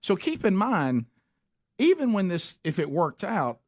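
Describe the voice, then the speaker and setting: A man with an Alabama accent, a loud and gregarious radio host telling a story on air. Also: sits high, huge pitch swings, unhurried. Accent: Southern US, Alabama. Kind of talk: animated storytelling on a radio show.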